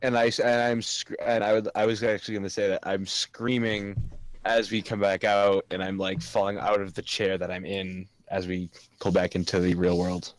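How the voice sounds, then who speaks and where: Low-voiced man playing a tabletop game. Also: flat delivery, normal speed, no room sound. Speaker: player. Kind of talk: casual tabletop game chat.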